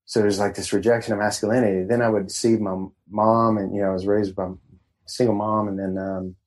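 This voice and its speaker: A man guesting on a casual podcast, talking as a coach in a meandering, halting way. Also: lowish voice, level tone, darkish tone, low-quality recording. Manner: meandering, halting, laid-back. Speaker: guest, men's empowerment coach.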